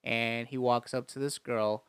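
In a casual chat, a man with a mid-range, steady voice recaps a movie scene by scene at an unhurried pace, laughing often and acting out the characters' lines. The sound is clean with no room echo.

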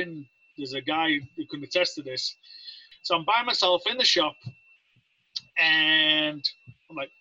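A man's voice: fairly high pitch, lively intonation, a little slow, long pauses, pushed and bright, no echo, highs cut off. A man with an English accent, a Navy veteran guest on a podcast, rambling through stories and acting out what people said. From England. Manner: rambling, anecdotal, acts out quotes. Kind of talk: casual storytelling.

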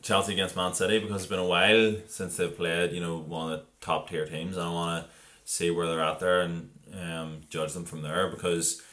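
A man's voice: deep voice, level tone, normal speed, fairly bright tone. A man co-hosting a casual football podcast, chatty and full of "like" and "um". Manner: chatty, filler-heavy, saying "like" and "um". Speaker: podcast co-host.

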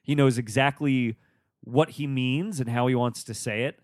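A man's voice: medium pitch, fairly even intonation, normal speed, no room sound, clean studio sound. A man hosting a casual film discussion, rambling and restarting his sentences with many fillers.

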